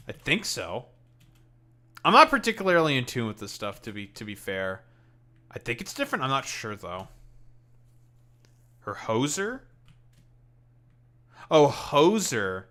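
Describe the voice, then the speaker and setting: While playing a game on stream, a man from Canada talks casually in a Canadian accent, rambling and swearing offhandedly. His mid-range voice has a sharp tone and big pitch swings, and he speaks at a measured pace with long pauses.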